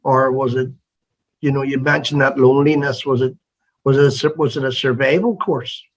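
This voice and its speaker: A man's voice: medium pitch, fairly even intonation, normal speed, low-quality recording. A man hosting an interview, asking earnest, searching questions with frequent restarts. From Northern Ireland. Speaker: interview host. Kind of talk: conversational interview.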